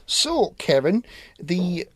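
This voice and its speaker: A man's voice: high-pitched, big pitch swings, extremely slow, a bit bright, no room sound, studio quality. A man co-hosting a film podcast, speaking in a blunt, sweary and teasing way. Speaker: podcast co-host. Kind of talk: casual film chat.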